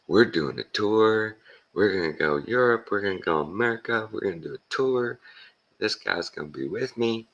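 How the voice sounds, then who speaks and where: A man doing an impression of an excitable male comedian, gushing in a raised, eager voice. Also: takes it slowly, vocal fry, pauses often, lo-fi sound, exaggerated voice. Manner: eager, high-pitched gushing.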